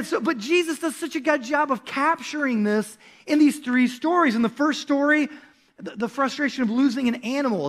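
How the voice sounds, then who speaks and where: A young adult male pastor delivers a sermon in a church, telling a story with animated, acted-out quotes. His voice sits very high for a man, with a bright, forceful edge, and he breaks into loud calls at key moments.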